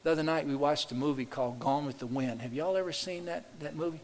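A man's voice: fairly high pitch, fast talker. A male pastor preaching a sermon to his congregation, folksy and repetitive, talking straight to the pews. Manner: folksy, repeats words, addresses congregation directly. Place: church. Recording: long hall reverb.

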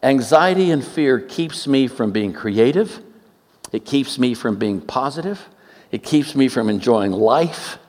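A man in his seventies delivers a sermon, his voice rising and falling in lively swings as he tells funny stories. His pitch sits in a middle range, and he breaks into quick, joking asides. His voice carries through the long reverb of a large hall. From Oakland, California, US. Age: 70s. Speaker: preacher.

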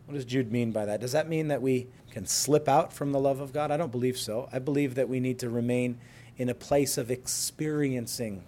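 Male pastor, mid-pitched, earnest sermon delivery and prayer. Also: moderate pace, darkish tone, a little hiss or hum. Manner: earnest storytelling, then prayerful.

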